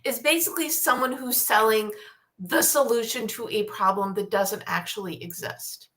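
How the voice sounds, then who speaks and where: A woman's voice: fairly high pitch, normal speed, a bit bright. A woman hosting a casual talk show over a video call, steering the conversation and reading out listener comments. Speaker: host. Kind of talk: casual chat.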